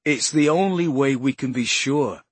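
A man's voice: mid-range voice, sing-song, moderate pace, breathy edge, no echo, voice pushed up. A man voicing a stubborn, dogged male detective who insists and mutters, in an audiobook. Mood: insistent.

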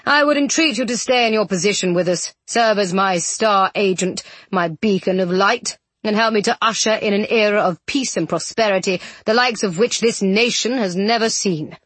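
A woman's voice: mid-range voice, normal speed, hardly any pauses, a bit bright, husky, dry recording. A woman voicing an older aristocratic male villain, smug and condescending, speaking in a silky manner. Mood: scheming.

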